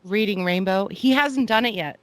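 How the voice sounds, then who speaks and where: A podcast co-host chatting casually in a relaxed, matter-of-fact way. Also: mid-range voice, normal speed, no room sound.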